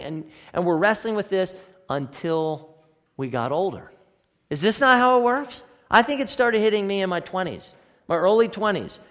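A man preaching a sermon as pastor, earnest and direct, asking the congregation rhetorical questions. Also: sits high. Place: church sanctuary. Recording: long hall reverb.

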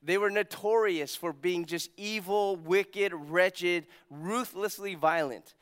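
A man preaching a sermon as pastor, telling stories with energy and dropping to hushed emphasis on key points. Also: sits high, takes it slowly, smooth. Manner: animated storytelling, acts out quotes, drops to hushed emphasis.

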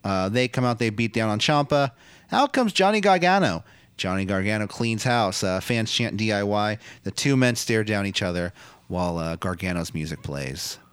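A man's voice: fairly low pitch, animated, moderate pace, clean tone, no echo. A man co-hosting a podcast, casually recapping wrestling matches with lots of fillers.

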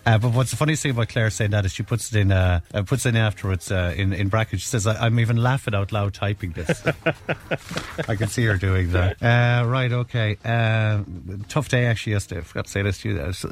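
A man's voice: on the low side, a little fast. A middle-aged Irish man hosting a casual chat show, joking, laughing often and reading out listener messages. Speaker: radio host.

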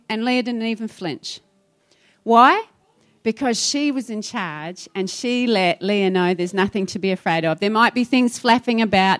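Lady pastor telling a story to church, lively, acts out the quotes. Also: fairly high pitch.

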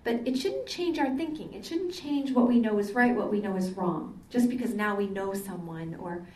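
In an echoey meeting hall, with the microphone set far away, an older Catholic sister tells stories in a conversational lecture, chatting along with plenty of ums. She speaks at a moderate pace in a medium-pitched, darkish voice.

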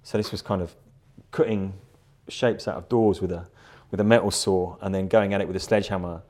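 A man's voice: sits low, steady tone, fairly quick, a little mellow. A middle-aged man, a guest artist in a live interview, talking in a rambling, chatty way with frequent laughs and repeated words. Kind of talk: casual interview chat.

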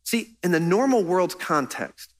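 A man's voice: sits high, big pitch swings, unhurried. A man preaching a sermon as pastor, earnest and conversational, pressing his points with emphasis.

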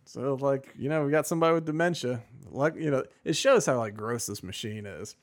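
A man's voice: mid-range voice, a little fast. A man co-hosting a podcast in casual chat, rambling and sarcastic with many fillers. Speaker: podcast co-host.

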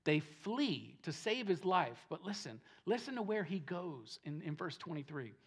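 A man preaching a sermon with plenty of emphasis. He returns to key phrases again and again and drops his voice low before building back up. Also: sing-song, unhurried, breathy edge. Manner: emphatic, repeats phrases, swings from soft to loud. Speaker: pastor. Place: church service.

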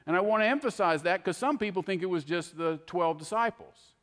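An older man preaching a sermon, telling folksy stories in an animated, heartfelt way. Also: sits high, a little fast, long reverb tail. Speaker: pastor.

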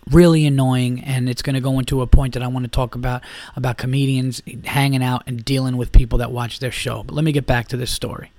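A man's voice: mid-range voice, level tone, quick pace, hardly any pauses, darkish tone, dry recording. A man hosting a podcast and telling a bar story in a casual, rambling way, swearing often. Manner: profane, rambling, lots of fillers and restarts. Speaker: podcast host.

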